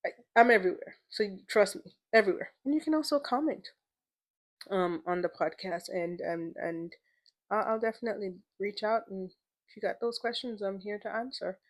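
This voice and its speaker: A woman's voice: medium pitch, normal speed. Chatty emotional woman podcast host. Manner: chatty, playful, emotional, repeats words for emphasis. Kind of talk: casual solo podcast monologue.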